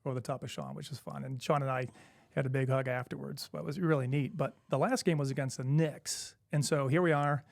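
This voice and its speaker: A former basketball player in middle age speaks briskly with vocal fry in a medium-pitched voice, recorded dry. He's a lively storyteller on an interview, chatting casually and imitating the voices of those he quotes.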